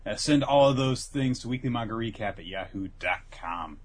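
A man's voice: mid-range voice, expressive, normal speed. A man co-hosting a casual podcast, reading the outro and plugs in an easygoing way. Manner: easygoing, reads plugs with filler. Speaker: podcast co-host.

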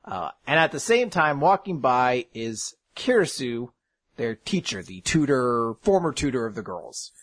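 A man's voice: medium pitch, sing-song, a little slow, slightly rough. A man casually recapping a story, laughing often and acting out the characters' lines. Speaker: podcast host recapping an anime.

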